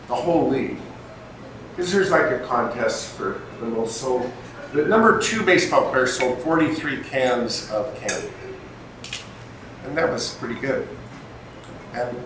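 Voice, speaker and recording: An older man telling stories to a live audience, lively and full of acted-out voices. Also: mid-range voice. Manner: animated, acts out voices in his stories. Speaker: speaker at an event. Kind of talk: storytelling talk to a live audience. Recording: echoey hall from far off, faint noise.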